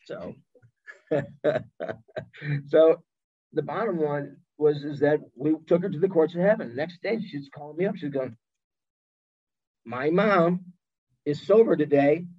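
A man who is a guest on a podcast, telling stories in an animated way and acting out the voices of the people he quotes. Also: on the high side, normal speed, long pauses, husky, highs cut off. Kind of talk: storytelling in an interview chat.

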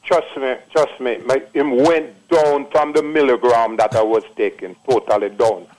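A man's voice: medium pitch, fairly even intonation, moderate pace, darkish tone, low-quality recording. A man, calling in to a radio show and telling a long, repetitive story in a casual, rambling way. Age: 60s. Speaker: caller. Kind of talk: casual call-in testimony.

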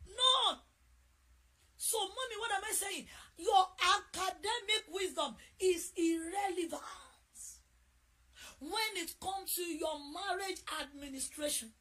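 A middle-aged woman with a Nigerian accent preaching a sermon, repeating key phrases and shouting them for emphasis. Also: extremely high pitch, takes it slowly.

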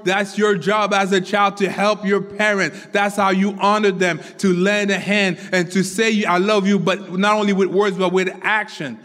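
A man with a notably high voice delivers a sermon in a long, ringing hall reverb. He speaks earnestly and circles back to his key phrases to drive them home. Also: level tone, normal speed, hardly any pauses, fairly bright tone. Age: adult father of four children. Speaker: pastor.

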